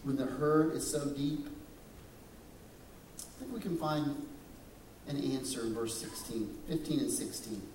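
With a medium-pitched, darkish voice, this pastor speaks unhurriedly with long pauses, preaching a dramatic sermon in the church sanctuary. He questions the congregation and takes on voices for quoted figures. Slight background noise, an echoey room and a distant mic mark the recording.

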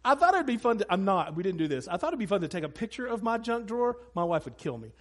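Speaking fast in a high voice, a pastor gives a sermon from the church stage. He's animated and funny, telling family stories for laughs and engaging the crowd directly.

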